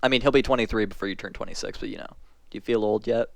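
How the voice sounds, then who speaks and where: A man's voice: lowish voice, fairly even intonation, rapid-fire, vocal fry, dry recording, studio quality. A man co-hosting a podcast, chiming in with teasing wisecracks in casual chat. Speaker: podcast co-host.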